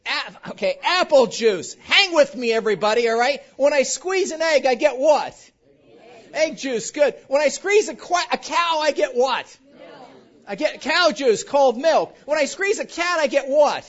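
A pastor preaching a sermon in a church, animated and quizzing the congregation with call-and-response questions. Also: male voice, extremely high pitch, unhurried. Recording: dull lo-fi recording.

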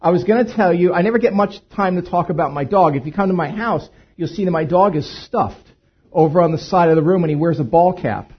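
A man preaching a sermon, telling a humorous story that swings between hushed asides and loud bursts. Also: sits high, brisk, slightly rough, muffled recording. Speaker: pastor.

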